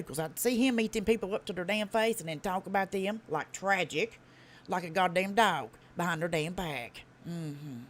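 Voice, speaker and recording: A woman with a Tennessee Southern accent hosting a live stream, talking fast with a blunt, profane, folksy drawl. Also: on the low side. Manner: fast talker. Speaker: livestream host. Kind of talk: casual live-stream commentary.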